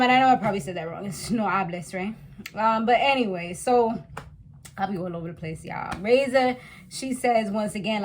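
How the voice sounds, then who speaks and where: A woman's voice: medium pitch, a little hiss or hum. A woman from the West Indies giving a chatty, slangy recap of a reality TV episode, talking straight to her viewers.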